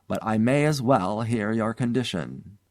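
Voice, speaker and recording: An eager, strong-willed elderly spinster aunt in a spoken ghost story, read by a man. She talks in a low, even voice with a touch of hushed excitement. The recording is close and dry. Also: unhurried, no echo. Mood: firm.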